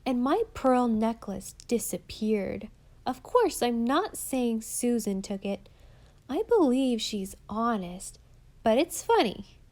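A woman's voice: on the high side, darkish tone. A woman voicing a boastful schoolgirl who chatters in a gossipy, self-important way in a storybook reading.

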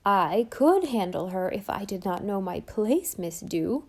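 A woman's voice: mid-range voice, expressive, unhurried, a little mellow. A woman voicing an earnest, fretful housekeeper in an audiobook, talking in a solemn, imploring, dramatic way. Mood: solemn complaint. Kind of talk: audiobook character voice.

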